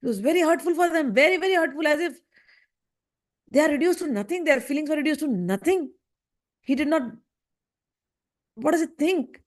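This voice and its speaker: A woman teaching a scripture lesson, telling the story in an animated way and acting out the voices in it. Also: high voice, a little fast, pauses often.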